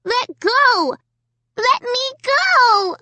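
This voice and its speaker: A woman's voice: very high voice, sing-song, drawn-out words, sharp tone, no echo, pitched above the performer's own voice, exaggerated voice. A sobbing three-year-old girl. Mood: wailing. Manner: wailing, sobbing pleas.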